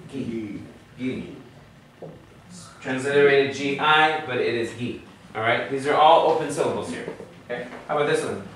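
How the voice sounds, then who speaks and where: A man's voice: medium pitch, moderate pace, pauses often, a bit bright. A man teaching a Hebrew lesson patiently, drilling the class and checking in with frequent questions. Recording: echoey room from far off, faint hum.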